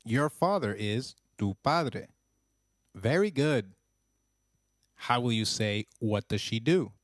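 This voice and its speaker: Guy teaching a language lesson, slow and steady, dry close mic. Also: mid-range voice, no echo. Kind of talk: scripted language lesson narration.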